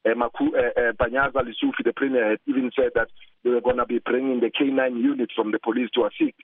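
A man reporting live for the news, halting with many fillers and repeated words. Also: mid-range voice, fairly even intonation, no room sound. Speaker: field reporter. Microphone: phone. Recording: tinny phone line.

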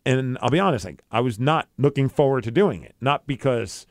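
This radio and podcast host speaks in a mid-range, animated voice, fairly quick and touched with vocal fry. Recorded in a radio studio with studio quality and no echo, he shares a heartfelt personal story, quoting others in his own voice.

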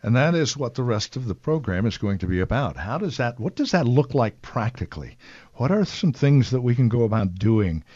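A man's voice: mid-range voice, very animated, brisk, a little mellow. A man hosting a Christian radio talk show, chatty and folksy, who laughs easily. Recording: lo-fi radio broadcast.

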